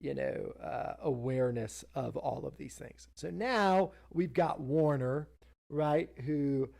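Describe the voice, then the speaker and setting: A man with a somewhat high, gravelly voice talks through a TV episode in a loose, chatty way. He keeps breaking off mid-sentence and restarting, piling on ums and uhs as he goes. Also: takes it slowly, darkish tone. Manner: rambling, self-interrupting storyteller with frequent fillers. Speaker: podcast co-host. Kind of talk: casual episode recap.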